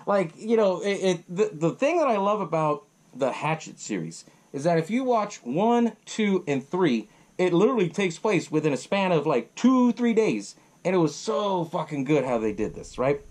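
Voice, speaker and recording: A man's voice: on the high side, darkish tone. Casual male podcast host, young adult, profane and rambling storyteller. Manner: profane, rambling, acts out characters' lines. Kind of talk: casual movie recap.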